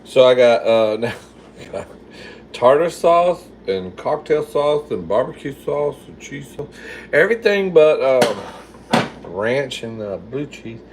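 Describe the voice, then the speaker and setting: Casting: sassy, swearing man chatting with viewers from his kitchen, pitch swinging up and down a lot. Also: very animated, measured pace, noisy background. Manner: reads out and answers viewer comments. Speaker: livestream host. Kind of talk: casual livestream chat while cooking. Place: home kitchen.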